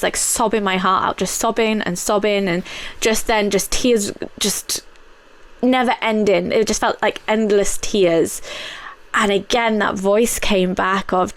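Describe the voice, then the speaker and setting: A woman in her thirties, hosting a personal podcast, speaking candidly in a halting way with many fillers and restarts. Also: medium pitch, dry recording. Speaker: podcast host.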